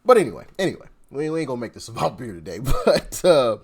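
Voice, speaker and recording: A man's voice: mid-range voice, sing-song, quick pace, slightly rough. A man hosting casual political reaction commentary, laughing and exasperated, talking in informal slang.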